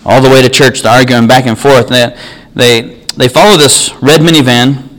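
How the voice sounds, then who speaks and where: A man's voice: medium pitch, fairly even intonation, normal speed, fairly bright tone, slight background noise, poor audio. A man preaching a sermon, telling an everyday story in an earnest, conversational way.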